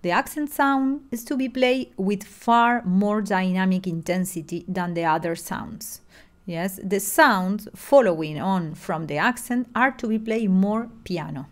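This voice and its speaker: A woman's voice: medium pitch, a little slow. Middle-aged woman; online lesson delivery, patient, explanatory, many restarts. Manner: explanatory, with frequent fillers and restarts. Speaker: music lecturer.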